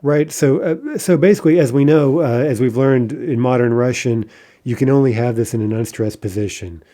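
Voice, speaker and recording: A middle-aged man teaching a recorded language lesson, explaining patiently, often adding "right?" and slowing down to say example words. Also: medium pitch, mellow.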